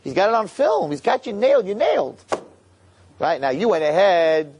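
Animated, slightly high-voiced male preacher. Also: normal speed, a little hiss or hum. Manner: animated, acts out scenes, repeats for emphasis. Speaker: religious speaker. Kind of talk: sermon.

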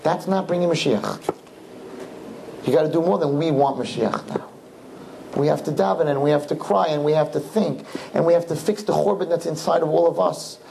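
A man preaching as a rabbi, fervent, swinging from soaring high cries to low hushed pleading. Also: steady tone, a little fast, vocal fry, slight background noise, poor audio. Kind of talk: impassioned sermon.

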